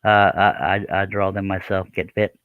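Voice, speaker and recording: Low-voiced man on a tinny line. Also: fairly even intonation, normal speed, clear, resonant tone, no echo. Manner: joking, rambling, self-deprecating. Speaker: live stream host, scroll saw artist. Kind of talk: casual live-stream chat.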